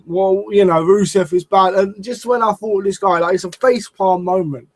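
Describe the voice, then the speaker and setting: This man's high voice has fairly even intonation and a moderate pace, captured on a low-quality recording with no echo. Rambling through a casual review of a wrestling show, he curses, uses lots of fillers, and frequently starts his sentences over.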